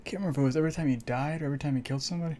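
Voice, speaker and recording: A man's voice: on the high side, rapid-fire, darkish tone, slight background noise. A man streaming a shooter game, chatting casually with a co-player, joking and often restarting his sentences. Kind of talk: casual gaming banter.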